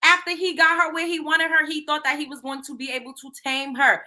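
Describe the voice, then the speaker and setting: Woman gossip host, bright and high-voiced, talking casual and slangy with an animated delivery. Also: fairly quick. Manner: slangy, animated, laughing asides. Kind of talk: casual celebrity gossip commentary.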